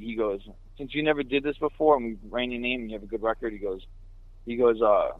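A man from New York City, a truck driver, telling a story in casual chat with quick laughing asides. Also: medium pitch, no echo. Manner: fast, animated, laughing asides. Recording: dry tinny phone line.

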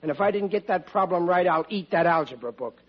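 A man's voice: high-pitched, quick pace, husky. An actor playing a blustering, stammering working-class father in a 1940s radio comedy. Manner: excitable, stammering, bossy. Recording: dull old radio recording.

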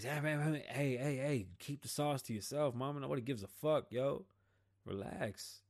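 A man's voice: medium pitch, normal speed, a little mellow. A man hosting his own show, delivering a blunt, profane, slang-filled political rant in a casual style. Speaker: podcast host.

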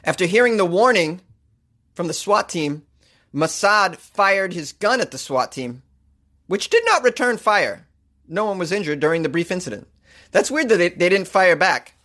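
A man's voice: high-pitched, animated, moderate pace, sharp tone. A man with a thick Boston accent hosting a comedic news podcast, brash and joking, laughing as he riffs on stories.

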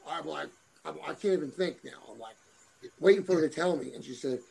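A man's voice: a little high, expressive, fairly quick, vocal fry, husky, poor audio. A middle-aged man chatting as a guest, rambling and repeating words as he searches for them. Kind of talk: casual chat.

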